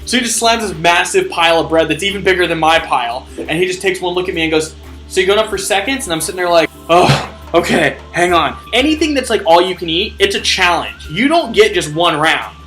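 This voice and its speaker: A young man doing a comedic rant vlog, animated and swearing, acting out his own inner voice. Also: high voice, fast, few pauses, faint music behind. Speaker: vlogger ranting.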